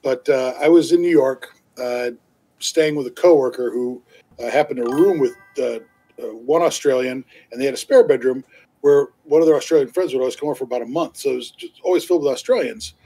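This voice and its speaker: Husky, rambling male stream co-host. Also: medium pitch, a little fast, dark tone, low-quality recording. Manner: rambling storyteller, many fillers and restarts; laughs easily while talking. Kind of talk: casual chat on a live stream.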